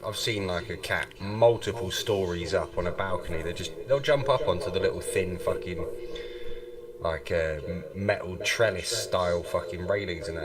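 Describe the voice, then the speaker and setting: A man with a very low voice tells rambling, sweary stories. He sounds far from the mic, and a crowd of voices is clearly heard behind him. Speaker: live stream participant. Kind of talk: casual chat. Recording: distant mic with crowd noise.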